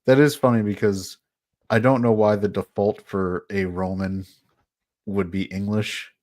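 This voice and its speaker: A man's voice: lowish voice, fairly even intonation, measured pace, a little mellow. A man hosting a casual podcast panel, joking and laughing often. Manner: laughs often, puts on a joking Jersey accent for bits. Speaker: podcast host. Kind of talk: casual chat.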